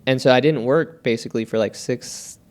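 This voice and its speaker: A man's voice: mid-range voice, brisk. A man co-hosting a casual podcast chat, talking candidly and profanely in a rambling storytelling way.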